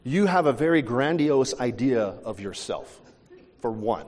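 A male pastor preaching a sermon, telling stories with animated restarts, in a church hall. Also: mid-range voice, measured pace. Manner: animated storytelling with repeated restarts. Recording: long church hall reverb.

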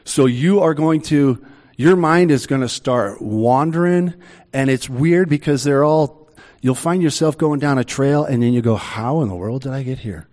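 A middle-aged man preaching a sermon in a conversational way, with slow, emphatic pauses. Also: medium pitch, a little mellow. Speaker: pastor.

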